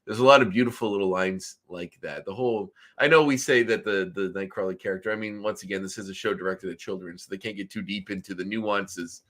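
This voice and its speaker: A man's voice: low-pitched, quick pace, few pauses, fairly bright tone. A Canadian man from Nova Scotia co-hosting a podcast, talking casually with lots of ums and restarts. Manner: rambling, many fillers and restarts. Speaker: podcast co-host. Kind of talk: casual chat.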